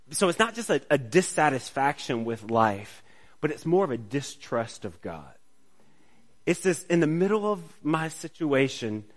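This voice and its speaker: A man preaching a sermon in a conversational way, often asking "right?" and restarting phrases. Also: medium pitch. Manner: casual, checks in with listeners by asking "right?"; restarts phrases, shifts from soft to emphatic.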